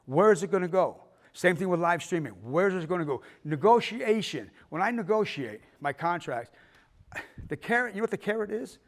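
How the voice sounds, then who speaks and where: A man's voice: high-pitched, animated, a little fast. A middle-aged man giving a filmmaking workshop talk, telling stories with acted-out quotes and the odd swear. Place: arts center auditorium.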